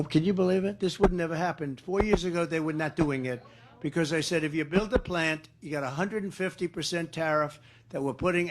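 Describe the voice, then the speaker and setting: An older man giving rambling, boastful off-the-cuff campaign remarks in a crowded room, repeating his phrases. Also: on the high side. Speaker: campaigning politician. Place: large indoor room with a crowd. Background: crowd noise.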